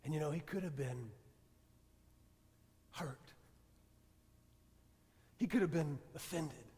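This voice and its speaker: A man, a priest, preaching a sermon and telling a story in a soft, measured way with long pauses. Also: a little high, in a large hall.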